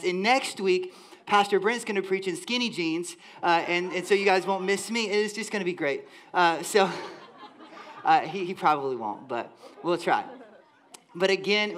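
High-voiced, upbeat man preaching. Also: fairly bright tone, clean tone. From Southern United States. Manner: enthusiastic, playful, talks to the congregation. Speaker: worship leader. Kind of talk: energetic joking sermon. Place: church sanctuary.

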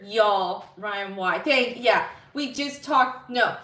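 A woman's voice: a little high, slow, hardly any pauses, sharp tone, distant mic, a little hiss or hum. A woman live streamer in casual chat, bubbly and giggly as she reads viewer messages aloud. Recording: roomy sound, slightly off-mic.

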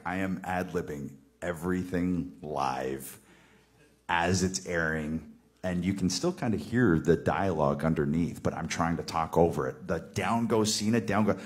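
Low-voiced man telling a lively anecdote. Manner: animated, laughing storyteller acting out quotes. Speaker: guest telling a story. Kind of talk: casual anecdote.

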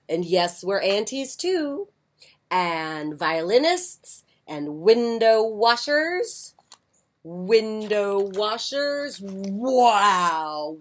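A woman reading a children's picture book aloud with an expressive voice, breaking off for soft, chatty asides. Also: mid-range voice. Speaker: children's story reader. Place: porch, outdoors.

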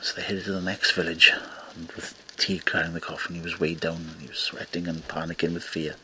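A man hosting a show, retelling a folk tale in an unhurried storytelling way. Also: low-pitched, flat delivery, sharp tone, slight background noise, rough recording. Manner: unhurried storytelling with small restarts. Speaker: storyteller host.

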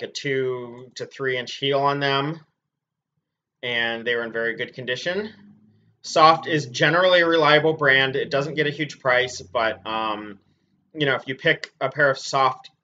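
A man with a bright, forceful voice talks through items he has sold in a relaxed, chatty vlog, pausing often on ums and uhs. The sound is dull and lo-fi, as if from a modest home setup. His pitch sits at an ordinary middle height for a man. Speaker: clothing reseller. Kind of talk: casual product review vlog.

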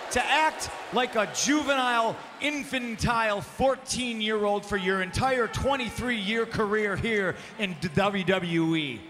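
A man, a pro wrestling champion, cutting a mocking arena promo and often shouting into a handheld microphone. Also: high voice. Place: large arena. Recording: long arena reverb with faint background noise.

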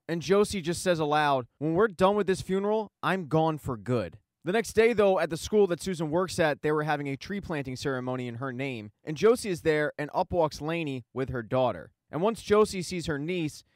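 Guy doing a tv recap, bit higher voice, dry no-room sound, wry little asides. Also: lively intonation, a little fast, few pauses, dry recording. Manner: wry asides while retelling. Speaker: TV recap host. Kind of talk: casual recap narration.

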